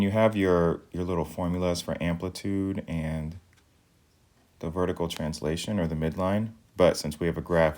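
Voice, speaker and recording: A math teacher walking through a recorded video lesson. He speaks in a very low voice, calm and methodical, counting things out one step at a time. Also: a little hiss or hum.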